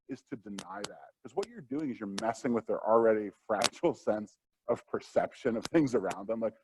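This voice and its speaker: Brief: male workshop lecturer, animated pitch, casual and chatty delivery, noisy recording. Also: fairly quick. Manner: conversational, acts out quotes. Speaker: workshop presenter. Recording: steady background noise.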